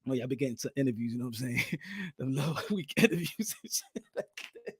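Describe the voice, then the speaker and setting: Podcast host guy, talks animated and laughs a lot, voice swings all over. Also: mid-range voice, fast, slight background noise. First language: Spanish. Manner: animated, laughing, switches into Spanish. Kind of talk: casual chat.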